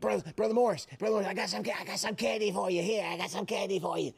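A man's voice: fairly even intonation, rapid-fire, gravelly, slightly rough, exaggerated voice. A man doing a giddy thirteen-year-old boy. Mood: eager. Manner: eager, pushy, high-pitched.

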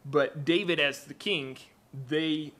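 A man preaching a church sermon and reading aloud from the Bible, halting often with fillers and restarts. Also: fairly high pitch, fairly bright tone. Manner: hesitant, many fillers and restarts.

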